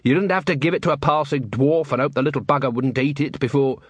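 A man's voice: mid-range voice, quick pace, husky, no room sound, natural voice. A man voicing a weary, cynical middle-aged watch captain in an audiobook, with a dry, grumbling manner.

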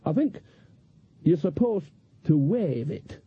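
A woman's voice: sits low, expressive, slow, breathy edge, pitched above the performer's own voice, heavily acted. A male narrator voicing an earthy, practical old witch woman who speaks in a homely, plain-spoken way, in an audiobook reading on a slightly dull lo-fi recording. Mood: musing.

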